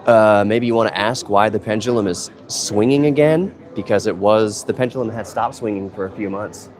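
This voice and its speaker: This museum content creator speaks at a moderate pace in a lowish, darkish voice, faint music playing behind him. He rambles easily, thinking out loud on a casual live stream shot on his phone in an indoor hall with visitors nearby.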